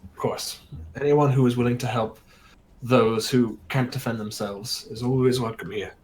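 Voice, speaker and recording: A man's voice: medium pitch, steady tone, moderate pace, darkish tone, lightly acted, low-quality recording. A man voicing a gracious middle-aged warrior-priest. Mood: formal. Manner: polite, formal, welcoming. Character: courteous middle-aged human warrior-priest, tall and broad.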